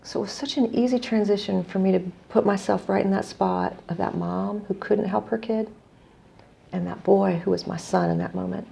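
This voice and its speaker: Gravelly, mellow-voiced woman storyteller. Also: medium pitch, fairly even intonation, normal speed. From United States. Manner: earnest, reflective storyteller, quoting others in dialogue. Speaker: guest, non-profit executive director. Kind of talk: conversational storytelling.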